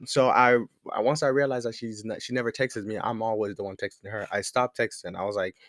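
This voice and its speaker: A man's voice: fairly low pitch, fairly even intonation, quick pace, hardly any pauses, a bit bright, no echo, clean studio sound. A young man at home telling a casual, rambling story about a past friendship. He swears freely and laughs often in a laid-back way. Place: at home at a desk with a laptop.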